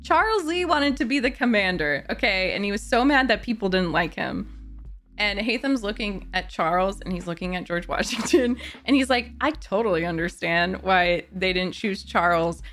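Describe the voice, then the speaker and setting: A woman's voice: mid-range voice, expressive, moderate pace, a bit bright, faint music behind. A woman YouTuber chatting casually to camera as a fan, gushing and rambling with frequent "like" and the odd swear word. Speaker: gaming YouTuber discussing a book.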